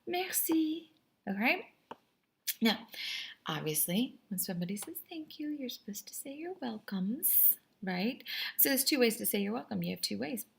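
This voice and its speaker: A woman's voice: a little high, animated, normal speed, vocal fry, fairly bright tone, breathy edge. A woman French teacher giving a recorded class lesson in an upbeat, chatty, encouraging way at a computer microphone.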